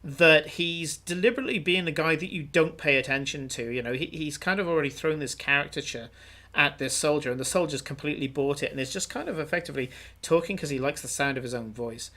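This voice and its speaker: A man's voice: on the high side, fast, pushed and bright. A man narrating as game master of a tabletop game, rambling with many filler sounds.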